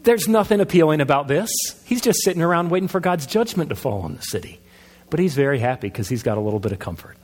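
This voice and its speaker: A man's voice: on the high side, animated, fast talker, a little mellow. A man pastor preaching a sermon in a conversational way, asking his listeners questions. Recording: long hall reverb.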